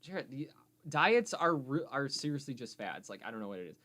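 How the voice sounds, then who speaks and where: A man's voice: medium pitch, very animated, fairly quick, bright, forceful tone. A young man hosting a casual nerd chat podcast, teasing his co-host and steering the topics.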